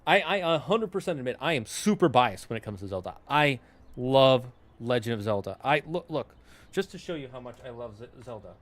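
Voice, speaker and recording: Young male streamer, loose rambling chat with restarts, mid-pitched voice. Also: lively intonation, a little fast. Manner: rambling, self-correcting, talks in asides to chat. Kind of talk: casual chat to a live stream.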